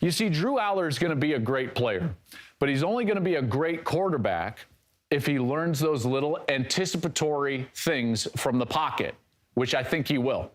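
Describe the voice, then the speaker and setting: Male football analyst, high lively voice, excitable film breakdown. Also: moderate pace. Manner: excitable, exclamatory.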